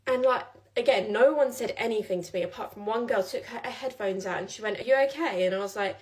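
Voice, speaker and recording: A woman's voice: medium pitch, fast talker, a little mellow, slight background noise. A young woman telling a personal story in a casual vlog, chatty and rambling with many fillers.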